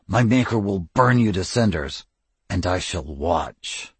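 Male narrator voicing a hateful caged vampire, muffled, low and gritted, slow threats in an audiobook. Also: lively intonation, husky, dry recording, full character voice. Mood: threatening. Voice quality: muffled, through clenched teeth.

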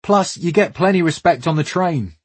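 A man's voice: on the high side, animated, normal speed, breathy edge, dry recording, voice pushed up. A man voicing a burly, hearty West African stranger with a West African accent, chatting in a chummy way. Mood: jovial. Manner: hearty, chummy, sure of himself.

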